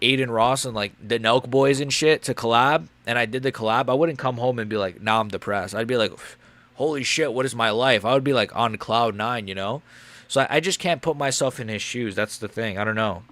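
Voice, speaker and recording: A young man live-streaming a fight watch-along, rambling and crude, quick to get loud. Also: mid-range voice, no room sound.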